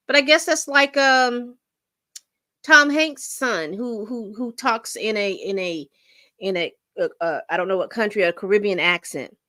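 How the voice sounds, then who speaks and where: A woman's voice: a little high, animated, moderate pace, sharp tone, dry recording, clean studio sound. A middle-aged woman hosting a casual livestream, rambling and reading chat comments aloud. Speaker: livestream host.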